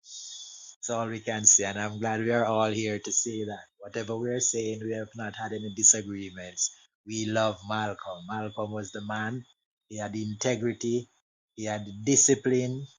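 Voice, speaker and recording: A soft-spoken man speaks as a panel guest. His voice sits low and stays flat and even. He talks steadily, without much rise or fall. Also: moderate pace, slight background noise, poor audio. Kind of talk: panel discussion.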